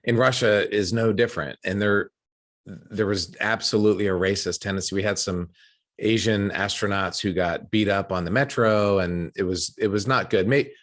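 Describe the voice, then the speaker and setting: A man's voice: lowish voice, fairly even intonation, normal speed, a bit bright. A middle-aged American man hosting a casual podcast conversation, telling stories with frequent restarts. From United States. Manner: chatty, storytelling with frequent restarts. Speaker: podcast host.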